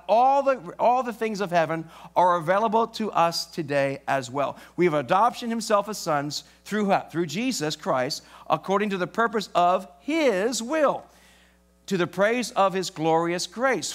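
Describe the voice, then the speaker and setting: A male pastor preaching a live church sermon, stopping often to quiz the congregation with fill-in-the-blank questions. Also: high voice.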